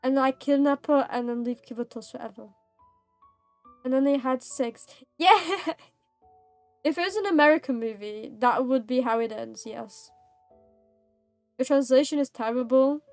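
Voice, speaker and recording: A woman's voice: high voice, normal speed, long pauses, darkish tone, no echo, faint music behind. A woman streaming a story game, reacting in a playful, dramatic, jokey way. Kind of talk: casual gaming stream commentary.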